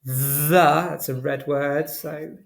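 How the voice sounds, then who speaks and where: Slow, gravelly-voiced phonics teacher. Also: medium pitch, steady tone. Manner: slow, sounding out words letter by letter. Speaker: primary school teacher. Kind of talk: phonics lesson for young children.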